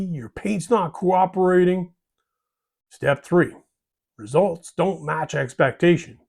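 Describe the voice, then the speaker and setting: A man's voice: on the high side, vocal fry, darkish tone, slightly rough. A man hosting a hobby channel, delivering a scripted monologue in a folksy way, ending lines with "eh?" and "bud".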